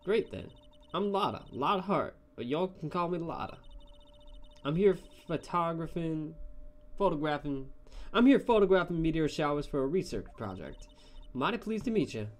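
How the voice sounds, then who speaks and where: A man voicing a brash, loud Southern woman photographer with a drawling accent and folksy, pushy talk. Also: fairly high pitch, sing-song, moderate pace, pitched above the performer's own voice.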